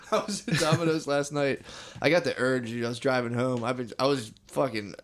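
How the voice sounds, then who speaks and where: A man's voice: medium pitch, moderate pace. A young man co-hosting a comedy podcast, telling rambling, swear-filled stories and saying dude constantly. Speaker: podcast co-host. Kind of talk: casual comedy podcast chat.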